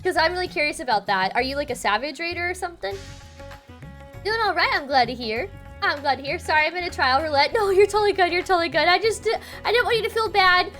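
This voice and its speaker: A young woman streaming a game, chatting casually in an excitable, gushing way. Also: extremely high pitch, fast, faint music behind. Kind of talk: casual live-stream chat.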